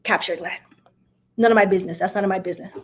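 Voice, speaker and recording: A woman's voice: mid-range voice, steady tone, very fast. A young woman from Miami, chatting casually as she answers viewer questions, with sassy, wry asides. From Miami, USA. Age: young adult. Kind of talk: casual Q&A chat.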